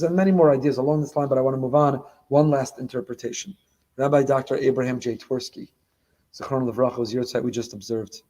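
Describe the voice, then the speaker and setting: A middle-aged man, a rabbi, preaching on the weekly Torah portion with lively, dramatic delivery and Hebrew quotations. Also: mid-range voice. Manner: animated preaching, acting out imagined dialogue, mixing in Hebrew quotations.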